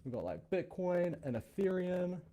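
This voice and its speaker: The host of a crypto show, a man, speaks at normal speed in a high, sing-song voice with a dark tone. He has a noticeable non-American accent, and his casual explainer talk is blunt and chatty as he thinks aloud.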